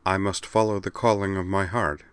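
A man voicing a refined, polite female alien diplomat in a gentle, measured, formal way for a read-aloud story. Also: deep voice, level tone, clean tone, no echo, lightly acted.

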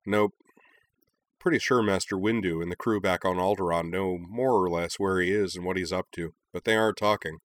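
A man's voice: sits low, steady tone, moderate pace, lightly acted. A man voicing a friendly, easygoing young man who jokes casually. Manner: casual, joking.

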